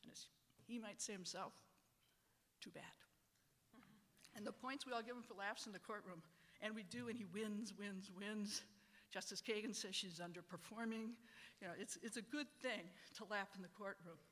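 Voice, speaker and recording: A middle-aged law professor from Wisconsin giving prepared panel remarks in a wry, measured, reflective way. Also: mid-range voice, fairly bright tone, long reverb tail.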